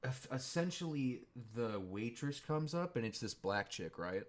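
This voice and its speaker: A man's voice: medium pitch, very animated, unhurried. A young man casually telling a story, rambling and laughing, with heavy swearing.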